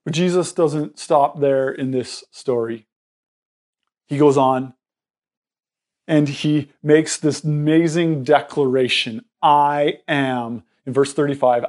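Earnest high-voiced preacher. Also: male voice, steady tone, takes it slowly, a little mellow. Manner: earnest, explanatory, with frequent restarts. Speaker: pastor. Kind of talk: sermon.

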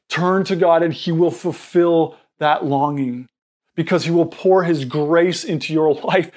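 A man delivers a sermon in a notably high voice. He speaks earnestly and explains patiently. He often trips over and restarts his words. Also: a little mellow. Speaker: pastor.

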